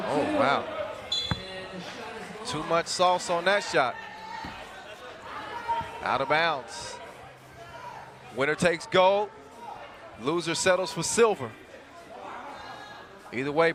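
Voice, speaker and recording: A man calling a live basketball game, with quick, jokey, excitable play-by-play. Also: on the high side. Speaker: play-by-play commentator. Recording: loud crowd behind.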